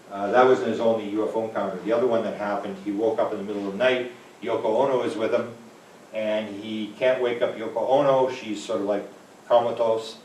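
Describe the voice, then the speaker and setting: His voice sits on the low side and sounds a little mellow as this man from Manitoba, Canada, rambles conversationally through a storytelling lecture, performing the voices in his anecdotes. It was recorded in a talk venue room on a distant, roomy mic with faint background noise.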